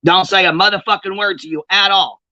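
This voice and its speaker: A woman's voice: mid-range voice, fairly even intonation, brisk, pushed and bright, no echo. A woman hosting a livestream, calling someone out in a heated, profane, confrontational rant. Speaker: livestream host. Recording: dull, lo-fi stream audio.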